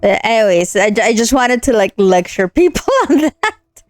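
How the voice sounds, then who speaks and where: A woman's voice: on the high side, very animated, normal speed, dry recording. A young woman streaming a story game, ranting earnestly between lines with lots of fillers. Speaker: streamer playing a visual novel. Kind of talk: casual gameplay commentary.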